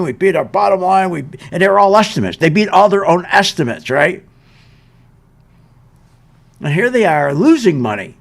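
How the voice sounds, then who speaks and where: An older man with a high, gravelly voice that swings widely in pitch as he hosts an investment show. He rants in an exasperated, emphatic way, repeating his points and pushing them hard. His delivery keeps jumping between quiet grumbles and loud outbursts. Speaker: show host. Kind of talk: animated market commentary rant.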